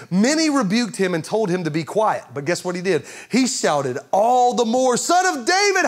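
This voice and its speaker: A male pastor preaching a sermon with passion, rising to shouts and dropping to a hush. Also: high voice. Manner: impassioned, swinging from shouting to hushed.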